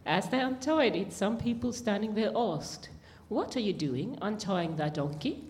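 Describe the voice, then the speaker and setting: A woman reading a Bible passage aloud in church, plain and steady, with small slips. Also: medium pitch, a little slow, slight background noise. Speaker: scripture reader.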